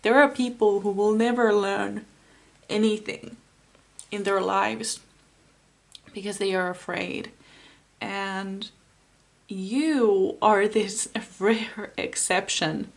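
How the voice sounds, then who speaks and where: A woman giving a pick-a-card tarot reading, talking softly and encouragingly with frequent pauses and fillers. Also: medium pitch, steady tone, gravelly. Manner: soft, unhurried and encouraging, with many fillers.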